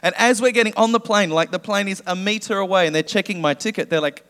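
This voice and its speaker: A male pastor preaching a sermon, praying and then telling a lively comic story with acted dialogue. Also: high-pitched, fast talker, few pauses. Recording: long hall reverb.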